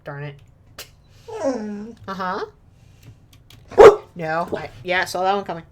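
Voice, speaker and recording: A woman's voice: medium pitch, very animated, slow pace, pauses often, background noise. A woman streaming a video game from home, chatting and joking with viewers and her dog, laughing often. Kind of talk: casual gaming stream chat. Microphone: desk mic with webcam.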